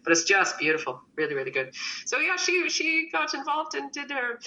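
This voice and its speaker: A woman's voice: sits high, big pitch swings, a little fast, pushed and bright, low-quality recording. A woman chatting casually, telling a story and animatedly quoting what other people said. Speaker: guest, baker and cookbook author. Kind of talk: casual chat.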